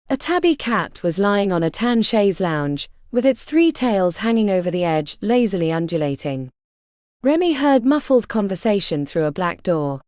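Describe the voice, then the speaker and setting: A woman narrating an audiobook in an expressive, lively reading close to the mic. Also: mid-range voice, dry recording. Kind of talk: scripted narration.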